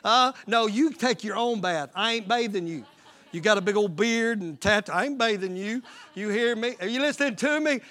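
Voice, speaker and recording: High-voiced fervent preacher man. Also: moderate pace, sharp tone. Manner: fervent, repetitive call-and-response preaching. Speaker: pastor. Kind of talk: sermon.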